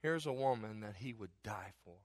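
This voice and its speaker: A middle-aged man preaching a sermon as a pastor, telling jokes and stories in an animated way. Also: lowish voice, moderate pace. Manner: animated, joking storyteller. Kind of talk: humorous sermon.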